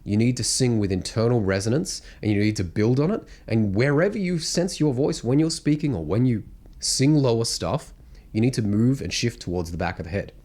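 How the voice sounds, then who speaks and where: A man coaching singers in a frank, casual lesson. His mid-pitched voice swings widely as he explains, and he keeps breaking off to hum or belt a line to show the point. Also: fairly quick. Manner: blunt, animated teaching with sung and hummed demonstrations. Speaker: singing coach. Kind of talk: vocal technique lesson to camera.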